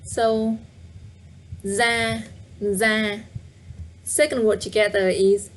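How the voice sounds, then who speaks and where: A woman's voice: medium pitch, a little slow, a little hiss or hum. A woman teaching a live online language lesson, patiently repeating words and inviting viewers to guess. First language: Vietnamese. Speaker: Vietnamese teacher.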